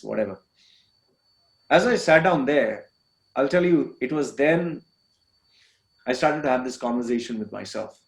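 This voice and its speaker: A man from India, a podcast guest, telling his personal story with earnest, emphatic, repetitive phrasing. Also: mid-range voice. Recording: echoey room.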